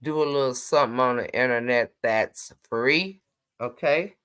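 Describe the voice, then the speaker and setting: Woman, livestream host, low voice, chatty and teasing. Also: moderate pace, a bit bright, clear, resonant tone. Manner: chatty, teasing, greets viewers by name. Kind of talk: casual livestream chat.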